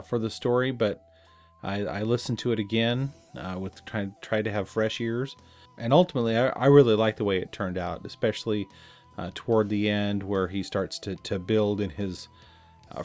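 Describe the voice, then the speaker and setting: In a casual podcast chat, the host reflects conversationally and occasionally laughs at himself. His voice is on the low side and a little mellow.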